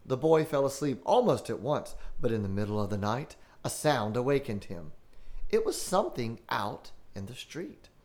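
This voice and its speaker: A man hosting a podcast, reading a children's scary story aloud in a slow, dramatic style. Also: medium pitch, sing-song, a little mellow. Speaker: podcast host.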